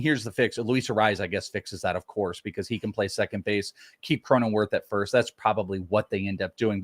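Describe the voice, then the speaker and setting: A man's voice: medium pitch, fairly bright tone, dry recording, clean studio sound. A man co-hosting a live fantasy baseball show, leaning hard on key numbers as he reads out prospect stats. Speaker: co-host, prospect analyst.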